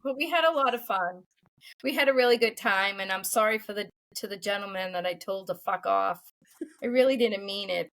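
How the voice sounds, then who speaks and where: A woman's voice: mid-range voice, a little fast, fairly bright tone. A middle-aged woman co-hosting a podcast in casual chat, blunt, swearing casually and laughing often. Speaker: podcast co-host.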